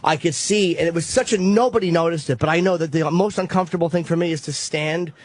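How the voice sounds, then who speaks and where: A radio regular with a slightly husky, fairly high voice, cutting in with blunt, profane jabs. He swears freely and teases the people around him. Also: fast talker, darkish tone, dry recording. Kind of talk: casual studio chat.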